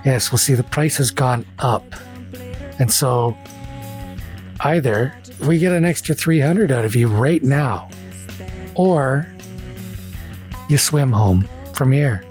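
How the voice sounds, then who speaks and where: A man voicing a tall, sharp male high elf police officer who speaks in an oily, mock-polite, threatening way. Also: animated, slow, long pauses, soft background music. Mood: smug.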